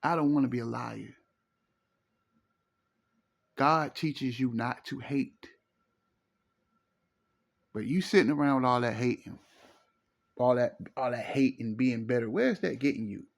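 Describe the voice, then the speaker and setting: Gravelly man giving earnest advice. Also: medium pitch, a little slow, long pauses. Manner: preachy, emphatic, repeats phrases. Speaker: relationship commentator. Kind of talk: casual advice monologue.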